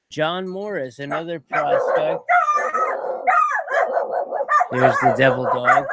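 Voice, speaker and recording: A man's voice: on the high side, clean tone, dry recording. Chatty man rambling over video clips. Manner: rambling, chatty, quick to get excited. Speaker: podcast host.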